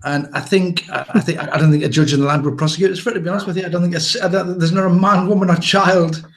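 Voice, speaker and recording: A man's voice: high-pitched, fairly even intonation, quick pace, a bit bright. An English man hosting a casual live chat show, rambling and joking with plenty of restarts. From England. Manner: rambling, jokey, with many restarts. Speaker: podcast host.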